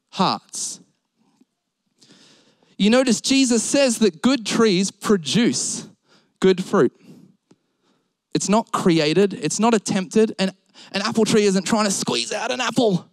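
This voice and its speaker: A man's voice: high-pitched, no room sound. A young Australian man preaching a sermon, mixing humorous stories with Bible quotes. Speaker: pastor.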